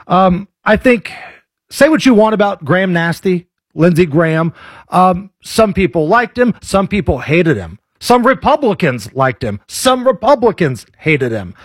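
Male talk host, blunt and opinionated, high-ish husky voice, dry close sound. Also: very animated, a little slow, no room sound. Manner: blunt, conversational. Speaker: political talk show host. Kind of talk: opinionated commentary.

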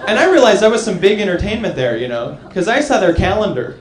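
A man's voice: high voice, sing-song, quick pace. A young man doing a rambling stand-up comedy set at a club, filling his talk with "like" and "you know". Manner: loose rambling delivery with lots of "like" and "you know". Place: comedy club stage with live audience. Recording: echoey live room with crowd.

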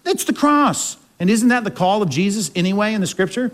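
High-voiced male preacher asking questions. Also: expressive, a little fast. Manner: conversational preaching with frequent rhetorical questions. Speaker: pastor. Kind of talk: sermon.

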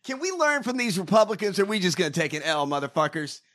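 A man ranting in a casual chat, animated and full of cursing. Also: high-pitched, quick pace. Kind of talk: casual profane political rant.

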